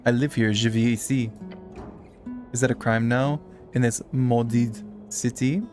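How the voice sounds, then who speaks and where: A man's voice: medium pitch, steady tone, a little slow, darkish tone, faint music behind, lightly acted. Man doing a sniffy French frog-man. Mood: scornful. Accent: French (put on). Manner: dismissive, sniffy. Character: haughty male frog-man with a stuffy temper.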